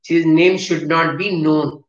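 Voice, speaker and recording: A man's voice: fairly high pitch, fairly even intonation, unhurried. A man with a South Indian English accent teaching vocabulary in a classroom, spelling words letter by letter and repeating himself. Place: classroom with a board. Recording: roomy, distant, dull classroom recording.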